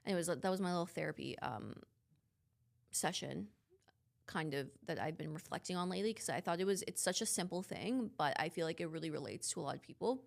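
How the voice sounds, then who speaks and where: A young woman with a lowish voice co-hosts a casual podcast. She reflects on her own experiences in a loose, chatty way and fills her talk with "like". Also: a little fast, gravelly. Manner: reflective, heavy use of "like". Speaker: podcast co-host. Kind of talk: casual chat.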